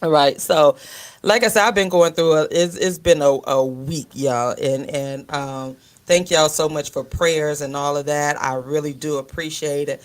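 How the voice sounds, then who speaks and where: A middle-aged woman with a deep voice co-hosts a radio talk show at a moderate pace, sharing funny family stories in casual chat. She's an animated storyteller who laughs often and acts out other people's lines in voices.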